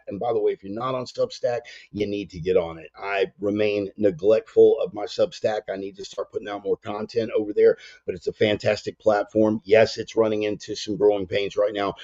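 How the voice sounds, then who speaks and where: Slangy preacher guy, low voice, kinda muffled lo-fi sound. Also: warm tone. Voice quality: gruff, blunt and slangy. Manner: emphatic, drawls some phrases. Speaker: preacher and show host. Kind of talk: casual spoken sermon. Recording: dull lo-fi sound.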